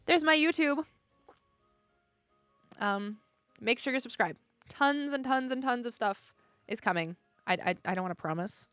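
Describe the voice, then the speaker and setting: A woman's voice: medium pitch, a bit bright, dry recording. A young woman streamer in a casual goodbye chat with her viewers, emotional and laughing often. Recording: dry close mic, faint music behind.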